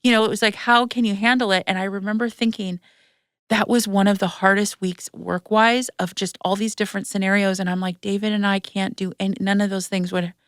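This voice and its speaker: A woman's voice: mid-range voice, fairly even intonation, fairly quick, no echo, clean studio sound. A woman hosting a podcast, telling a personal story frankly and emotionally, swearing freely and using lots of fillers. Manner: emotional, tearful retelling. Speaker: podcast host. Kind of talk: candid personal storytelling chat.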